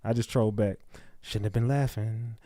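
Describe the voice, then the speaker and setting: A man's voice: on the low side, fairly even intonation, normal speed, warm tone, dry recording, clean studio sound. A man hosting a livestream, reading chat comments aloud and snapping back at viewers in blunt, profane casual talk. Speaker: livestream host.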